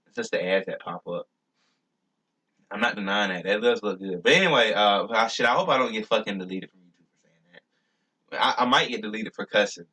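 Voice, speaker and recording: A man's voice: fairly low pitch, fairly quick, pauses often, bright, forceful tone. A young man talking casually in a rambling vlog, stumbling and restarting often with many fillers. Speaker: YouTuber.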